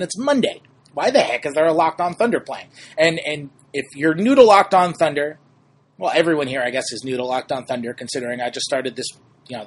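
A young man from New York hosts a casual sports podcast with a husky, slightly raised voice. He talks in a chatty, upbeat way, tossing in self-deprecating asides. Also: a little high. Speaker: podcast host.

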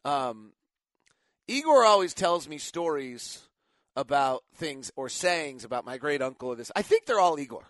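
Middle-aged sports talk guy, tired, rambles and self-corrects, voice a bit high, dry close sound. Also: sing-song, unhurried, a bit bright, no echo. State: tired after little sleep. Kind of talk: casual sports talk monologue.

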